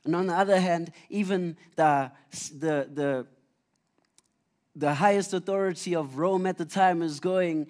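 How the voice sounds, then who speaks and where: Man, preacher, conversational sermon, earnest storytelling, slightly high pitch. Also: a little slow, a little mellow. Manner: earnest storytelling with frequent restarts.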